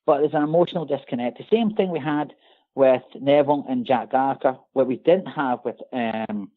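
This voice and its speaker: Scottish male co-host, animated and sarcastic, tinny call audio. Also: medium pitch, moderate pace. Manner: animated, ranting, sarcastic asides. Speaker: podcast co-host. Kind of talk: casual podcast chat. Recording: tinny phone-like call line.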